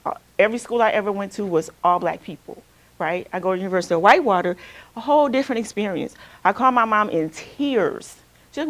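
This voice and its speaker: Fast and lively in a mid-range voice, a counselor from Alabama leads a casual group workshop where participants share. She talks conversationally and keeps checking in with repeated "right?"s.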